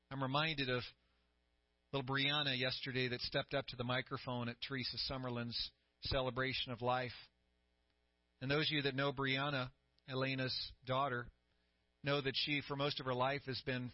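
A middle-aged man preaching a sermon as pastor, telling the story with growing excitement and a voice that climbs high. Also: moderate pace, pauses often, no room sound. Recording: dry, slightly dull sound.

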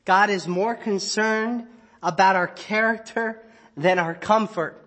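A man with a high voice preaches to his congregation in a loose, conversational way. He acts out exasperated little asides and sinks low and quiet when he stresses a point. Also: slow pace. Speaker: pastor. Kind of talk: sermon. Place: church sanctuary.

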